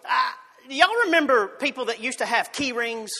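A man's voice: very high voice, normal speed, creaky, pushed and bright. A man preaching a sermon in a church, fervent, often repeating and restarting his words. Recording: long hall reverb.

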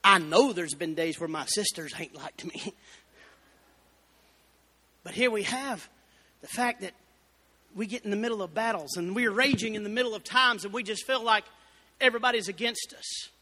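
A man preaching a fervent Baptist sermon, building up to shouted exclamations. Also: high voice, moderate pace, pauses often. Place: church sanctuary. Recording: reverberant church hall.

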